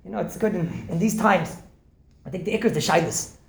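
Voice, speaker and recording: A man, a rabbi, giving an informal holiday talk, animated, firing rhetorical questions and joking with listeners. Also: high voice, a little fast, vocal fry. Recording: echoey room with faint noise.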